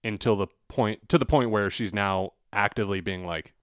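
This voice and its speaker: A man co-hosting a podcast, trading wry jokes in casual political chat. His voice sits on the low side and sounds close and dry. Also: moderate pace, dry recording. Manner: wry and joking, laughs along. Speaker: podcast co-host.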